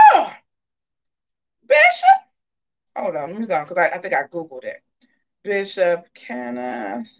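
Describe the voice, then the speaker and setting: Sassy, animated woman gossip host. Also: mid-range voice. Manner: animated, sassy, with drawn-out asides to viewers. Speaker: host of a live gossip show. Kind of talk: casual live commentary.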